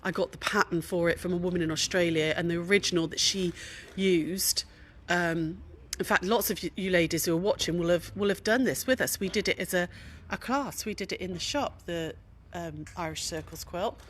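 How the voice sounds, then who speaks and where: A middle-aged woman hosting a casual walk-around vlog at a quilt show, chatty and gushing, dropping to hushed admiration. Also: lowish voice, moderate pace, slight background noise. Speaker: craft shop host showing a quilt show. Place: large indoor exhibition hall.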